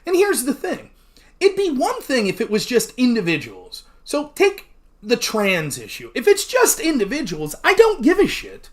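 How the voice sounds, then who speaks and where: A man hosting a livestream, talking casually in a blunt, profane rant and pausing to thank chat viewers. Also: very high voice, huge pitch swings. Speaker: livestream host.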